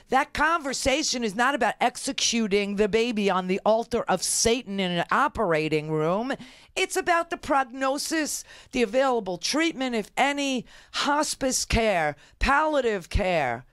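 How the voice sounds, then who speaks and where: An indignant middle-aged woman hosts a political talk show, piling on emphatic restarts and fillers. Her voice is smooth and resonant. The sound is close and dry. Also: medium pitch, no room sound. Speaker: radio talk show host. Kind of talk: opinionated political commentary.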